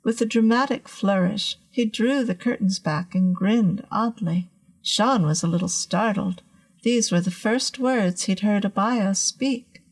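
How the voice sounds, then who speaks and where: A woman narrating a horror story in a measured, suspenseful way. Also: mid-range voice.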